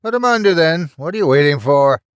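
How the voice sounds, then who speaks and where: A man voicing a sinister male villain who speaks in an irritating high falsetto and sneers. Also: animated, fairly quick, clear, resonant tone, dry recording, studio quality, lightly acted. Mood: menacing glee.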